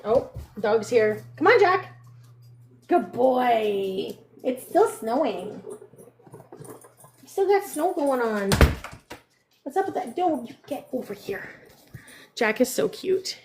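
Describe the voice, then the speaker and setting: A woman hosting a casual live stream, chatting with viewers and cooing at her dogs in a high baby voice. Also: sing-song, takes it slowly, pauses often, a little mellow, slight background noise. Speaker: livestream host.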